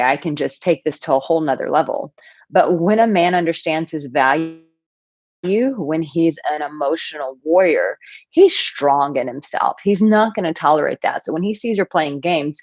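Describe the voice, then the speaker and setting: Casting note: woman, 30s, dating coach, low and lively, dry muffled sound. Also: no echo. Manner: animated storytelling, playful asides. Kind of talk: casual advice talk to camera.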